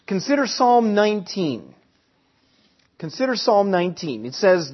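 With a high, slightly rough voice and big swings in pitch, this middle-aged pastor preaches unhurriedly. He teaches with earnest conviction, driving points home by repeating key phrases, captured on a dull lo-fi recording.

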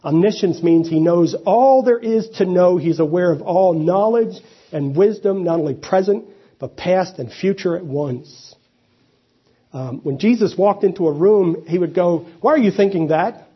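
A man's voice: high voice, measured pace, husky, highs cut off. A man preaching a sermon, reading scripture and then explaining it in a conversational way, with asides and restarts. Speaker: pastor.

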